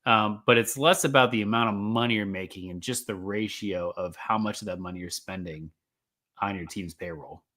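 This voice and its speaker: A man co-hosts a casual sports podcast in a bright, forceful voice. He explains stats and drops dry jokes. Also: on the low side, normal speed. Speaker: podcast co-host.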